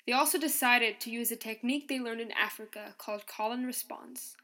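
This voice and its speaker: A woman with a slightly high voice reads a scripted podcast narration. She keeps an even, explanatory tone throughout. Faint music plays softly behind her. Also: brisk.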